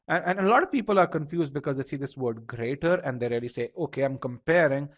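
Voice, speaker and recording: A man's voice: a little high, animated, quick pace. A man teaching a live online test-prep class, explaining step by step, repeating words as he thinks and asking the audience for responses.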